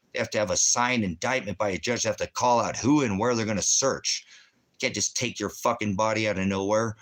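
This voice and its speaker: Deep-voiced guy ranting, swearing nonstop, heated and rapid-fire. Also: fairly bright tone. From United States. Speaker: army veteran and former police officer. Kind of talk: angry ranting monologue.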